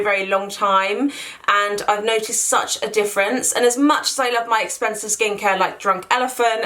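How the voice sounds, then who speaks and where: A woman's voice: medium pitch, fairly bright tone. Chatty woman reviewing skincare. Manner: chatty, enthusiastic, filler-heavy. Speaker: beauty vlogger. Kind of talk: casual skincare review to camera.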